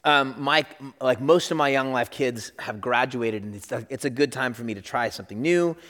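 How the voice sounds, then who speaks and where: A middle-aged preacher speaks in a mid-range voice at a moderate pace, telling a sermon story at a church service. He animates it by performing the voices of those he quotes, and the large hall gives a long reverb.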